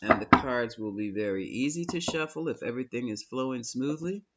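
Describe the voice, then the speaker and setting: Animated, effusive male tarot reader. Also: medium pitch, a little fast, muffled recording, heavy background noise. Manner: animated, effusive, affectionate terms like honey and my love. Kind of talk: tarot reading video.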